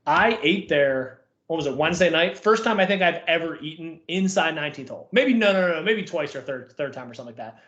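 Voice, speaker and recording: A man's voice: on the high side, lively intonation, quick pace, hardly any pauses, fairly bright tone, echoey room, highs cut off. A young man co-hosting a podcast, chatting casually and rambling with lots of fillers. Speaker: podcast co-host. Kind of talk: casual chat.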